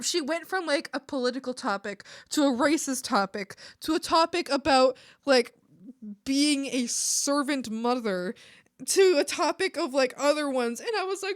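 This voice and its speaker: Her voice sits high and expressive at a normal pace as this young woman streams herself drawing. She rambles emphatically, often using fillers and starting over, in a dry, studio-quality recording.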